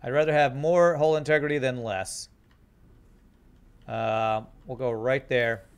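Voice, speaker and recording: A man streaming a game, thinking out loud and chatting to his viewers in a casual way. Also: mid-range voice, fairly even intonation, unhurried, clear, resonant tone. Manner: thinks aloud, chats to viewers. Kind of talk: casual live-stream gameplay commentary.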